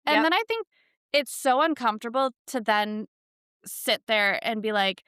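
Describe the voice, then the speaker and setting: A woman talks with a podcast co-host, earnest and candid. Her voice sits a little high, bright and smooth. The recording is close and dry. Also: animated, normal speed, dry recording. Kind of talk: casual podcast chat.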